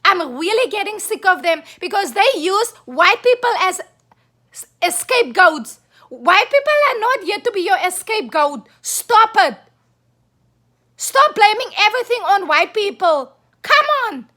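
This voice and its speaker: A woman from South Africa rants straight to camera, her voice pitched very high. She scolds in emphatic, repeated bursts and sounds agitated throughout, with a bright, cutting edge to her tone. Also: big pitch swings, unhurried. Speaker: vlogger. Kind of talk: angry monologue to camera.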